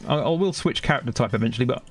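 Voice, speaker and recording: A man's voice: medium pitch, expressive, rapid-fire, slightly rough. A man with a London accent, chatting casually to his viewers while playing a game live, rambling between topics. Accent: London English. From Britain. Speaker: game streamer. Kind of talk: live gaming stream chatter.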